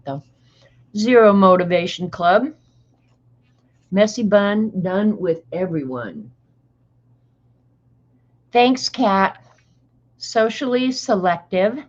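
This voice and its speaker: Older woman livestream host, unhurried low voice, dry sarcastic chat, dull lo-fi audio. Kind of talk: casual chat reading aloud to viewers.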